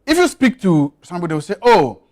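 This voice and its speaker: A man's voice: high voice, big pitch swings, a little fast. A man, a studio guest on a television talk show who makes his points emphatically and insistently, often repeating them.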